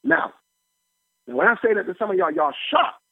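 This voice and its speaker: Male radio pastor, a bit high and raspy, animated folksy delivery, dry tinny phone sound. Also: moderate pace, no room sound. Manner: animated, laughing, folksy preaching. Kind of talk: preaching radio sermon.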